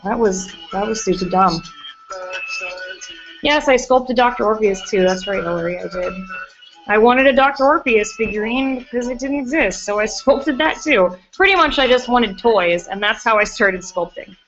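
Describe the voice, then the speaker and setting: A woman's voice: a little high, expressive, normal speed. Chatty woman gushing over her sculpting. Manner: chatty and gushing, answers chat questions. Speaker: live-streaming sculptor. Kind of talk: casual chat while working. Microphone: computer mic on a livestream. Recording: muffled lo-fi stream audio, faint music.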